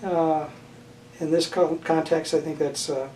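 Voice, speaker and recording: An older man being interviewed about his family's views on marriage and children, speaking thoughtfully with frequent pauses, fillers and restarts. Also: fairly high pitch, steady tone, a little mellow. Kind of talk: oral history interview. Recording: roomy, distant mic with faint noise.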